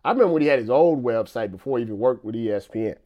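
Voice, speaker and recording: A man's voice: mid-range voice, lively intonation, very fast, dull audio. A man hosting a casual live stream, talking loosely with frequent restarts, filler asides and laughs between points.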